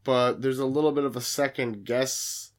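A man with a mid-range voice chats casually about a film. He keeps an easygoing tone and drops dry, deadpan one-liners. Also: mid-range voice, moderate pace. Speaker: podcast co-host. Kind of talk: casual chat.

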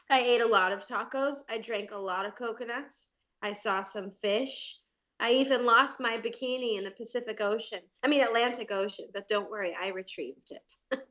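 A woman's voice: a little high, pushed and bright. An American woman co-hosting a podcast over a video call, chatty, giggly and self-deprecating. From United States. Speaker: podcast co-host. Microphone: remote call microphone.

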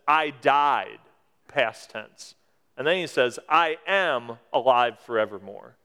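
A man's voice: a little high, fairly bright tone, clean tone. A man in his forties preaching a sermon, explaining scripture in a conversational way with emphatic rises. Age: 40s. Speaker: pastor. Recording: long hall reverb.

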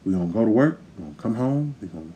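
A man's voice: lowish voice, very animated, very fast, dark tone, highs cut off, a little hiss or hum. A man hosting a podcast, delivering a heated, profane, emphatic rant straight to his listeners. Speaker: podcast host. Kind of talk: ranting monologue.

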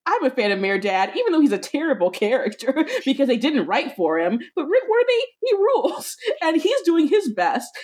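Podcast co-host, woman, bouncy expressive delivery, quick to laugh. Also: sits high. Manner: expressive and joking, laughs often. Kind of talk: casual chat.

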